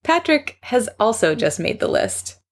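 A woman's voice: fairly high pitch, big pitch swings, a little slow. A woman reading a fan story aloud in a wry narrating voice. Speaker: story reader.

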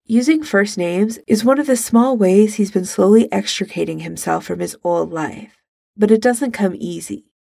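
A woman narrating a fan fiction story aloud in a steady, measured reading. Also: medium pitch, creaky, no room sound, studio quality.

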